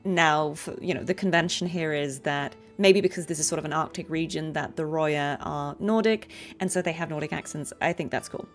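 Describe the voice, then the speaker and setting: A woman's voice: low voice, brisk, hardly any pauses. A British woman, a voice actor chatting casually on a game livestream, laughing often and with many fillers. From Britain. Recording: game music behind.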